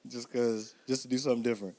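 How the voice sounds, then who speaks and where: A man's voice: medium pitch, steady tone, quick pace, mellow. A man co-hosting a casual podcast chat, telling rambling stories and laughing often. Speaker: podcast co-host.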